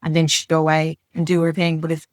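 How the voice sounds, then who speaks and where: A middle-aged woman telling her story as a podcast guest, frank and earnest, with blunt language and quick restarts. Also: low voice, completely flat delivery, dry recording, studio quality. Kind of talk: candid conversational storytelling.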